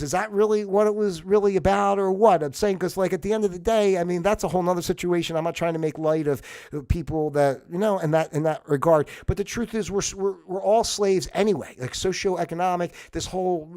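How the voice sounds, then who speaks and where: A man's voice: high-pitched, darkish tone. A man hosting a livestream and talking alone in a casual monologue that rambles with many restarts and grows heated as he goes. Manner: rambling, restarts often, heated when worked up. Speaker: livestream host.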